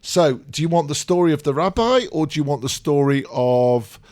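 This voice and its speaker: A man's voice: fairly high pitch, normal speed, a little mellow. Chatty male podcast host. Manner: chatty, apologetic, jokey. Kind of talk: casual chat and storytelling.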